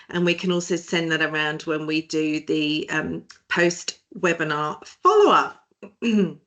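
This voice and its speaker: A woman's voice: mid-range voice, a bit bright. A woman from Britain hosting a webinar as director of a small firm, chatty and jokey with many hesitations, heard over a video call.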